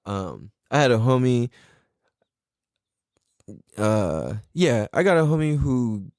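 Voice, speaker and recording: A man's voice: mid-range voice, lively intonation, takes it slowly, a little mellow, clear, resonant tone, no room sound, studio quality. A man hosting a podcast, talking casually and comically, laughing often and acting out his relatives' voices. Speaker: podcast host. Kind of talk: casual comedic monologue.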